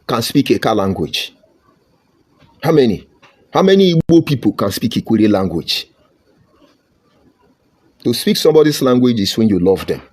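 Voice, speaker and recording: A man's voice: medium pitch, a little mellow. A man from Nigeria with a Nigerian accent, giving fiery online political commentary full of mocking rhetorical questions.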